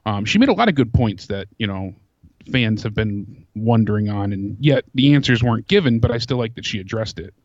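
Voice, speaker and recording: A man's voice: fairly low pitch, expressive, brisk, no room sound, lo-fi sound. A man co-hosting a wrestling review stream, talking in a conversational, mildly critical way. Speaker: co-host. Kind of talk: casual remote commentary.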